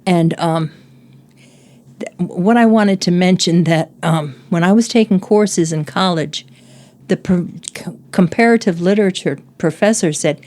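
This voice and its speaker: Older woman, low voice, chatty guest who acts out quotes and laughs easily. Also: measured pace, darkish tone. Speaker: guest, host's mother. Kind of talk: casual book discussion.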